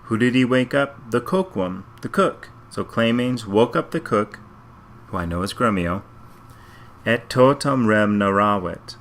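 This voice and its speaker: Speaking unhurriedly in a lowish, animated, slightly bright voice, a man teaches Latin with a little hiss or hum audible. He goes through a reading passage sentence by sentence, methodically thinking aloud in a slow, step-by-step translation.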